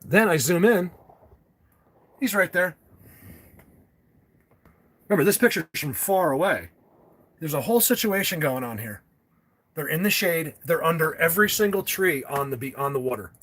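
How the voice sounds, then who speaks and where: Emphatic New Jersey man, husky. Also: on the high side, lively intonation, moderate pace, long pauses. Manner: emphatic, yells, stammering restarts. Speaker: live-stream host. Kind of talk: excited live-stream talk. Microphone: phone at a desk.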